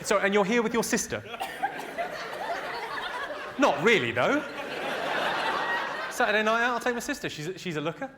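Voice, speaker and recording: Deadpan stand-up comic over a roaring crowd. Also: male voice, high-pitched, moderate pace, long pauses. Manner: deadpan one-liners, teasing audience members. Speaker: stand-up comedian. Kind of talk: stand-up comedy roast with crowd work. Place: large theatre with a live audience. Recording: loud laughing crowd, live noise.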